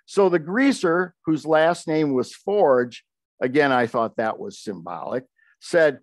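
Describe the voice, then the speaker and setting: A man's voice: fairly high pitch, lively intonation, unhurried, no room sound. An older man, a poet, reading aloud from his memoir with wry, conversational asides.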